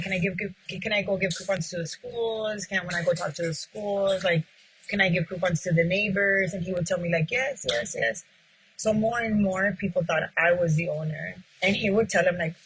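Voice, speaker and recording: Heard through poor audio, the woman behind a pizzeria tells her story with a husky, lowish voice. She performs past conversations, voicing each side, and fills her speech with casual "like"s.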